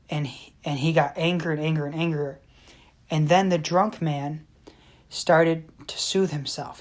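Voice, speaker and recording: A woman co-hosting a podcast tells teaching stories in an earnest, measured way. Her voice is low for a woman. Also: a little mellow. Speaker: podcast co-host. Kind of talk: storytelling in a casual chat.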